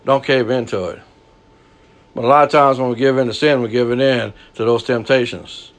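A man preaching a sermon, folksy and lively, swinging from hushed lows to loud highs. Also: moderate pace.

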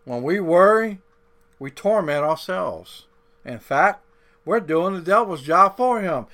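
Give me a slow, deliberate male preacher. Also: high voice, animated, fairly bright tone. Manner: deliberate, drawn-out emphasis with folksy grammar; repeats key points for note-takers. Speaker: pastor. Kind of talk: sermon.

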